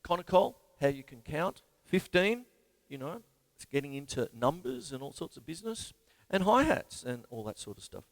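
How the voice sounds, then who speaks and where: A man's voice: a little high, very animated, moderate pace, no room sound. An Australian man giving a live-streamed drum lesson in a chatty, digressive way, often laughing at himself. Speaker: drum teacher.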